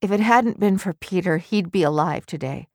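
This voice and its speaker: A woman's voice: lowish voice, expressive, moderate pace, a little mellow, dry recording, studio quality. A woman reading a story aloud, voicing a grieving young mother who is distraught and bitter, in a tearful, strained, raised voice.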